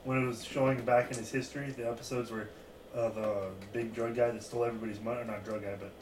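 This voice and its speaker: A man playing in a tabletop game, telling stories in casual chat, meandering and trailing off quietly. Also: mid-range voice, little pitch movement, quick pace. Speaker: player. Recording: roomy, distant mic, clear noise.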